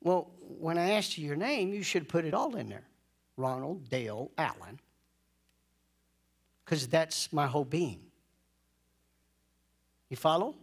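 A man preaching a sermon, leading call-and-response and drawing out key phrases slowly. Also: a little high, expressive, vocal fry, breathy edge. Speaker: pastor.

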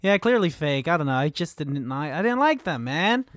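A man's voice: on the high side, very animated, moderate pace, fairly bright tone, no echo, clean studio sound. A young man co-hosting a podcast, joking and rambling in casual chat. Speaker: podcast co-host.

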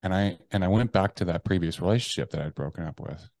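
A man's voice: low-pitched, fast talker, a little mellow, dry recording. An American man, a guest on a podcast, telling personal stories frankly, with profanity and frequent restarts. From United States. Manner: acts out his own inner voices. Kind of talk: candid interview storytelling.

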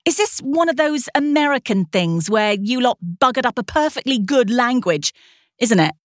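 A woman voicing an irritable, sharp-tongued young woman with a clipped, snappy delivery in an audiobook reading. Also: on the high side, lively intonation, normal speed, dry recording, clean studio sound, voice pushed up, lightly acted. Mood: explaining.

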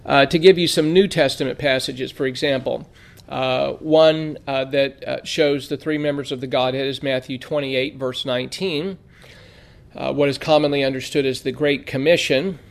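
A man teaching a theology lesson in a measured way, reading scripture aloud with frequent "uh" fillers. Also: medium pitch, fairly even intonation, gravelly. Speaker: Bible teacher. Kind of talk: theology lecture.

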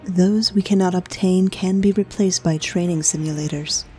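A woman's voice: lowish voice, steady tone, moderate pace, darkish tone, soft background music, natural voice, poor audio. A woman voicing a scornful female soldier and duelist who jeers at her rival. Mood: jeering.

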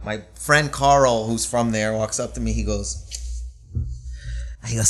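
A man's voice: mid-range voice, very animated, normal speed. A man, a stand-up comic telling profane anecdotes in a casual podcast chat, laughing often and acting out quotes.

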